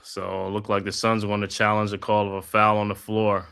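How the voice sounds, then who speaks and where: A man hosting a live watch-party stream, calling the game play by play in a steady flow with casual slang asides. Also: lowish voice, normal speed, vocal fry, smooth. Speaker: host.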